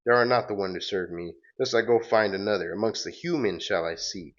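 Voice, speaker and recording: A man's voice: on the low side, a little fast, natural voice. A man reading aloud as a scheming, arrogant male trickster god in archaic comic-book speech, on a dull lo-fi recording.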